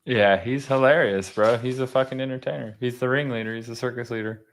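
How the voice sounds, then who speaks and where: A man's voice: mid-range voice, fairly even intonation, fairly quick. A young man, chatting casually on a podcast, laid-back, laughing often and swearing freely. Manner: laid-back, laughing, swears a lot, says "bro" and "dude". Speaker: podcast host. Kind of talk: casual chat.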